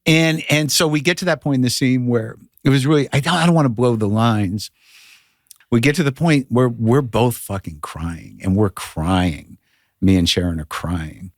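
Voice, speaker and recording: A middle-aged male comedian telling an animated, profane story in casual chat, with many stammering restarts. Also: mid-range voice, moderate pace, no room sound, clean studio sound. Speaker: guest comedian.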